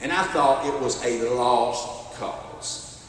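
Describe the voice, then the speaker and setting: A middle-aged man with a Southern US accent, a sheriff telling a story in a keynote speech in an animated, folksy way. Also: medium pitch, slow pace, far from the mic, a little hiss or hum. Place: church hall at a benefit dinner. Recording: echoey hall, voice from afar.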